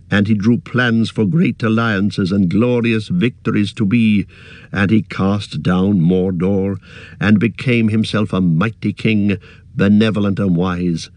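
A man narrates an audiobook in a measured, steady manner. His voice sits low, and the recording is close and dry with no room sound. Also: dry recording.

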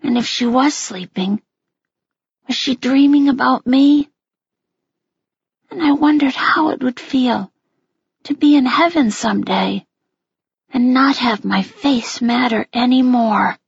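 Woman audiobook reader, very husky and gravelly, slow and intimate. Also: high-pitched, no room sound, highs cut off. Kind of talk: scripted audiobook narration.

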